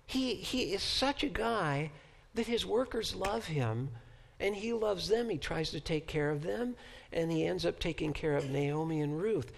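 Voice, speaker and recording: A man teaching a Bible class in a high, gravelly voice, talking slowly. He halts and repeats words while he searches for how to say things, and he often turns statements into rhetorical questions for the class. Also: expressive. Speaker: professor. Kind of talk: Bible lecture.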